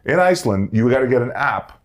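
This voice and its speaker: A man born in Slovakia and raised in Queens, co-hosting a podcast and telling stories in a playful, animated way. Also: mid-range voice, quick pace. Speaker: podcast co-host. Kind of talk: casual chat.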